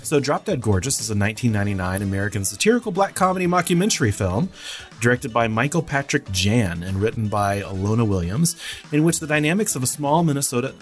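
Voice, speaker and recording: A man co-hosting a film podcast, joking around and reading out a film summary. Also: medium pitch. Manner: playful, reads film summary aloud. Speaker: podcast co-host. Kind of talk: casual film podcast chat.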